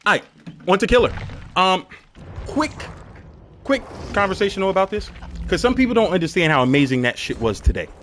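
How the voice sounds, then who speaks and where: A man streaming a game and chatting casually, telling stories with lots of profanity and shouting out crowd reactions. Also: high voice, brisk, pauses often, a little hiss or hum. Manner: profane, animated storytelling with shouted crowd imitations.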